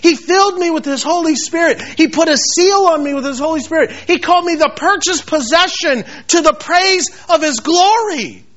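Passionate high-voiced male preacher. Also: expressive, moderate pace, hardly any pauses, a bit bright. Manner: passionate, repetitive, quotes scripture in acted voices. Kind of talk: sermon. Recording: dull lo-fi sound.

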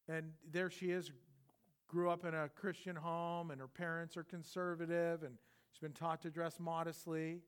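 A man preaching an expository sermon in a conversational way, swinging from loud emphatic bursts to hushed intensity. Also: fairly high pitch, little pitch movement, normal speed, smooth. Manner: conversational, repeats words when restarting. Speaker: pastor.

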